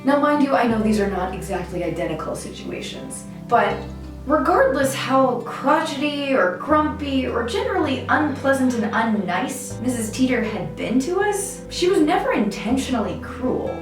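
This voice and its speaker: A woman vlogger telling a personal story in an animated, candid way, swearing casually now and then. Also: high voice, moderate pace. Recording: very echoey room, mic far off, faint music.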